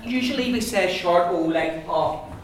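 A man's voice: sits high, animated, a little slow. Ulster man teaching pronunciation in an echoey classroom. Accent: Ulster Irish English. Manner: drills words aloud, modelling each sound carefully. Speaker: language teacher. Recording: echoey room, mic far off, faint noise.

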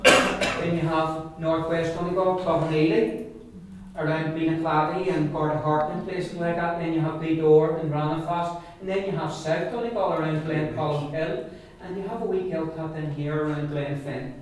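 Irish man leading a language class, repeats each word for students, slightly high voice, echoey room, mic far away. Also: steady tone, a little hiss or hum. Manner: repeats words slowly for learners to copy. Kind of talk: classroom lesson. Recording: echoey room, recorded from a distance.

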